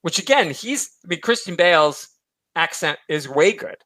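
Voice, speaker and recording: A man's voice: on the high side, no echo. A man hosting a podcast, chatting casually and animatedly about films. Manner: animated, chatty, quick asides. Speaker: podcast host. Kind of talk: casual film discussion.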